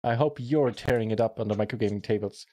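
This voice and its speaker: A man's voice: fairly low pitch, fast talker, warm tone. A man streaming online poker, chatting casually and politely thanking his viewers.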